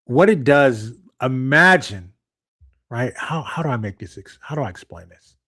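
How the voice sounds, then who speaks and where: A man's voice: mid-range voice, animated, normal speed, bright, forceful tone. A man hosting a casual live stream, chatty and repetitive, often checking whether viewers are following. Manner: chatty, repeats himself and keeps checking in with the audience.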